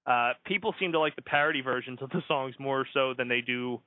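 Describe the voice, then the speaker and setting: A young man hosting a podcast, bantering and joking about himself in a relaxed way. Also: medium pitch, brisk, dry recording. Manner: joking, self-mocking. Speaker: podcast host. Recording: tinny phone-like recording.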